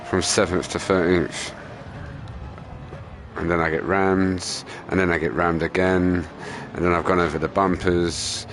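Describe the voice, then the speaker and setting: A man's voice: low-pitched, flat delivery, a little slow, noisy background. A young man swearing, laughing and ranting in casual live-stream commentary while racing. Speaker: gaming streamer.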